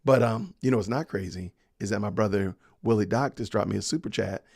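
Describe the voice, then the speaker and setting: A man's voice: fairly low pitch, fairly quick, vocal fry, a little mellow, no room sound, studio quality. A man hosting a podcast livestream, chatting casually and reading viewer comments aloud with frequent laughs. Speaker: podcast host.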